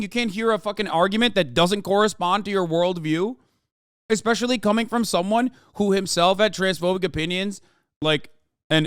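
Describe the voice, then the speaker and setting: Heated, profane man with a high voice. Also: a bit bright, clean tone, no room sound, studio quality. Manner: mocking and combative toward chat. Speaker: streamer and political commentator. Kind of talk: live-stream political commentary.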